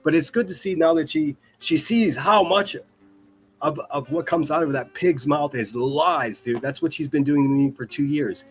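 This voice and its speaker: A man's voice: a little high, normal speed, faint music behind. A man hosting a livestream, ranting in a profane, mocking and rambling way, often repeating himself. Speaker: livestream commentary host.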